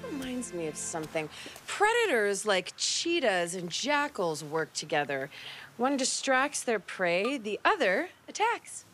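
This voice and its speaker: A woman voicing a patient mother in a cartoon, gently explaining things. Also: medium pitch, huge pitch swings, measured pace, faint music behind. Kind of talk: cartoon voice acting.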